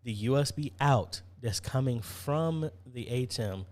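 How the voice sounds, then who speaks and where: A man's voice: mid-range voice, expressive, unhurried, a little mellow. A man hosting a casual live-stream Q&A, chatty, reading viewer comments aloud and answering them.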